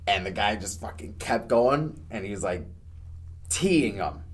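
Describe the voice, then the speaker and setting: A man who is a guest on a podcast, telling a band story in a casual, animated way, swearing freely and restarting often. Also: fairly low pitch, measured pace.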